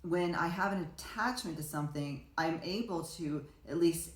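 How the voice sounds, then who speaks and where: A low-pitched woman chats on a podcast, rambling and restarting as she tells her stories. She acts out what people said. The room gives her voice a roomy echo. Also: moderate pace. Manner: rambling storyteller, many restarts, acts out quotes. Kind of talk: casual conversation.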